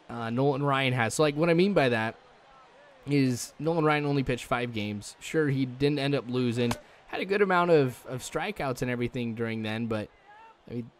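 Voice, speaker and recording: Over slight background noise, a young man with a medium-pitched voice chats his way through a let's-play for his gaming channel. He rambles, says "like" and "um" constantly, and chuckles occasionally.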